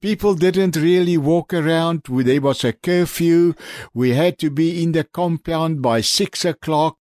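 A man preaching on the radio as a pastor, telling an animated story and calling his listeners friends. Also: fairly high pitch, unhurried, dry recording, clean studio sound.

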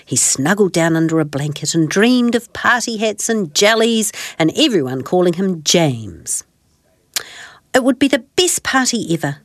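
A woman host reading a children's story aloud in a gentle, expressive storytelling manner. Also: on the low side, normal speed, no echo, studio quality.

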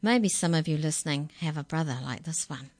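A woman reading a children's story aloud in a gentle, patient way. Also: low voice, brisk, no room sound.

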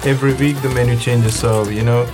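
Man, restaurant owner guest, hesitant with many ums, flat delivery, music clearly underneath. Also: mid-range voice, fairly quick. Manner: hesitant, full of fillers. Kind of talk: casual interview.

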